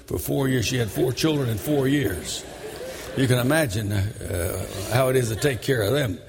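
An older man preaching a sermon, telling the story dramatically and shouting high when he voices its characters. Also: moderate pace, creaky, noisy background. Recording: long reverb of a large hall.

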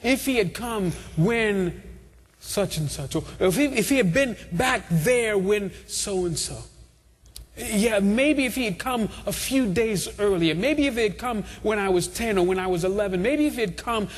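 A man's voice: sits high, moderate pace, husky. Male preacher, impassioned sermon, raised voice, long reverb, church hall. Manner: impassioned, repetitive preaching cadence.

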